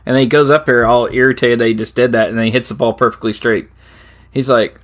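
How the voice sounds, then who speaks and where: A man's voice: medium pitch, steady tone, fast talker. A middle-aged man co-hosting a casual chat, telling loose stories and laughing often. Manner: laughs often, rambling storyteller. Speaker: podcast co-host.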